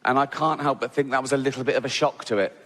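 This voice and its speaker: Sardonic English stand-up comedian. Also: male voice, medium pitch, fairly even intonation, fast talker, fairly bright tone. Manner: sardonic, profane, laughs at own jokes.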